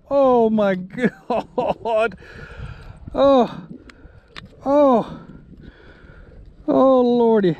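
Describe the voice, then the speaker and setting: Male fishing vlogger, slow unhurried delivery, pitch swinging up and down freely, chatty and exclamatory with viewers. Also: animated, darkish tone, dull audio, a little hiss or hum. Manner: exclamatory, talks straight to the viewers. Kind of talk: casual outdoor vlog talk to viewers. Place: outdoors on a reservoir shore.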